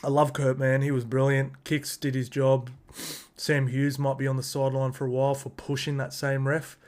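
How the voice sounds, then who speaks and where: Aussie bloke host, mid-pitched, blunt and slangy, gets heated. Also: male voice, monotone, normal speed, a little mellow. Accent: Australian. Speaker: sports podcast host. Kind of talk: casual sports review rant.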